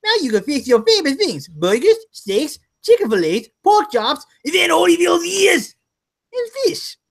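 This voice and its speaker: A furious boxer barks a crude infomercial for a grill, as a man puts him on. The voice sits high and strained. It keeps swinging up into shouts and menace. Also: very animated, moderate pace, heavily acted. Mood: menacing. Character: raging boxer pitching a grill, adult man.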